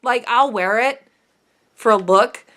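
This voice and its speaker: A woman's voice: a little high, slow, fairly bright tone. A woman beauty vlogger chatting casually to camera at home, rambling and self-deprecating.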